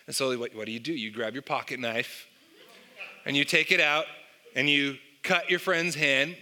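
A man's voice: mid-range voice, steady tone, normal speed, sharp tone. A man preaching a sermon, telling an illustration and asking the listeners rhetorical questions. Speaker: pastor.

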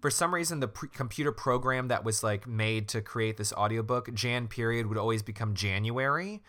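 Brief: man, podcast co-host, gushing casual chat, crisp bright tone, middle pitch. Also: moderate pace. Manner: enthusiastic, gushing, lots of fillers.

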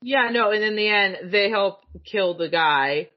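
Giggly husky woman chatting. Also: medium pitch, measured pace. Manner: giggly, animated, swearing freely. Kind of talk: casual fan chat. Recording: dull lo-fi sound.

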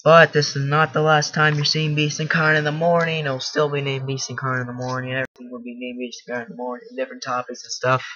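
Male solo podcast host, rambling and self-mocking, speaking up with a bright, tense tone; dull lo-fi computer-mic sound. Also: medium pitch, flat delivery, quick pace, few pauses. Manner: rambling, self-deprecating, raising his voice. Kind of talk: casual solo podcast monologue. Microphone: computer mic from across the room.

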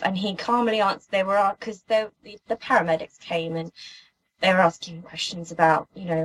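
A young woman from the UK telling a personal story in an earnest, halting way, with many restarts. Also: medium pitch, husky, rough recording. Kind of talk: emotional personal account.

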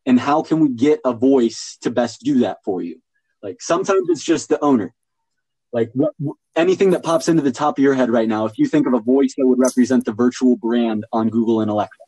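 A man's voice: medium pitch, a little fast, dark tone, husky, no echo, rough recording. A man hosting a casual podcast conversation, talking with enthusiasm and thinking aloud. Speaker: podcast host.

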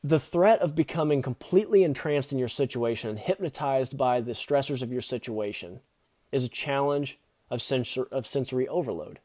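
A man's voice: medium pitch, mellow. A man hosting a podcast, delivering an earnest motivational monologue that speaks straight to the listener. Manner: earnest, speaks straight to the listener with repeated second-person questions. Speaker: podcast host.

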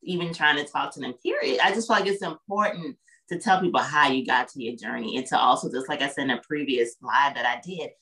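A woman's voice: rumbling low, fairly quick, pushed and bright, low-quality recording. A woman guest on a podcast, talking in an earnest, reflective way and often checking in with the listener. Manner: reflective, earnest, frequent "you know what I'm saying". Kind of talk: casual chat.

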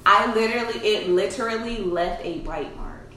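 A woman's voice: medium pitch, moderate pace, bright, forceful tone. A woman co-hosting a candid casual chat, telling a profane story and laughing often. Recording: echoey room, distant mic, faint noise.

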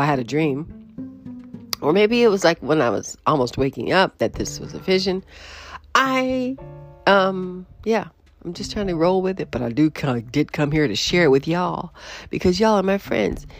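A woman hosting her own podcast, talking casually and animatedly with frequent restarts, in a morning voice. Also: on the low side. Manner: animated, laughing, rambling with restarts. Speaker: podcast host. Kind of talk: casual solo commentary.

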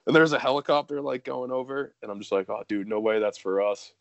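A man's voice: mid-range voice, brisk, vocal fry, dry recording, lo-fi sound. A young man telling a story casually, rambling with lots of fillers and swearing.

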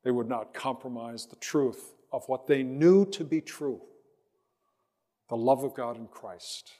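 Slow, reflective male pastor with long reverb. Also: medium pitch, warm tone. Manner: slow, reflective storytelling with pauses. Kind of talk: sermon with personal story and prayer.

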